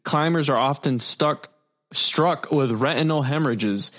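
A man's voice: fairly high pitch, a little slow, fairly bright tone. A young man hosting a casual podcast, reading stories aloud, swearing freely and stumbling over words. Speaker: podcast host.

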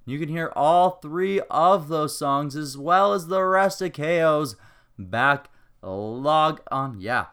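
A man's voice: fairly high pitch, animated, slow, a bit bright, clear, resonant tone. A man hosting a music podcast, thanking a guest and introducing tracks in an upbeat announcer style. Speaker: podcast host.

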